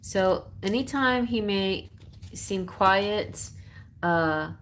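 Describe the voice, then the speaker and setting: Slow, giggly woman reading tarot. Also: medium pitch, fairly bright tone, a little hiss or hum. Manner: chatty, giggly, reads card messages aloud. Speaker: tarot reader. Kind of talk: live-stream tarot reading.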